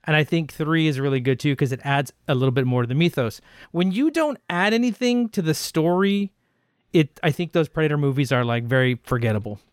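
A man with a slightly high voice talks movies in a loose, profane rant. The sound is close and dry, with no room around it. He keeps jumping into higher, incredulous tones as he argues. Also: lively intonation, brisk, smooth, no room sound. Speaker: podcast co-host. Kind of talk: casual film chat.

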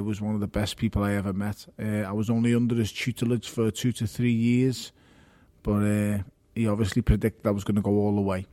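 A man's voice: lowish voice, dark tone, dry recording. A man speaking as a guest, frank and reflective.

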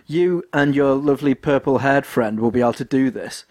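A man's voice: mid-range voice, normal speed, darkish tone, no room sound. A young man co-hosting a podcast, teasing his friend with laughs and interruptions. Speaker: podcast co-host. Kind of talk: casual chat.

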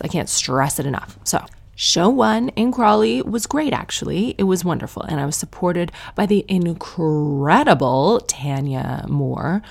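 A woman talks through her week as a podcast host, in a brash, ranting comic monologue. Her voice sits low with a gravelly fry, and her tired manner breaks into loud, animated outbursts. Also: measured pace. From Canada. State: tired new mother.

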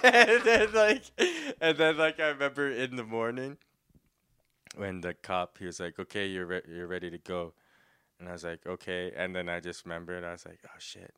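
A man's voice: low voice, normal speed, smooth. Laughing, rambling young man storyteller. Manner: rambling with many "like"s, bursts into loud laughter. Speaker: podcast co-host, comedian. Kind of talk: casual storytelling chat.

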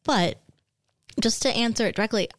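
A woman co-hosting a podcast, chatting in a relaxed way and laughing easily. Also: a little high, moderate pace, dry recording, clean studio sound. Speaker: podcast co-host. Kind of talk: casual chat.

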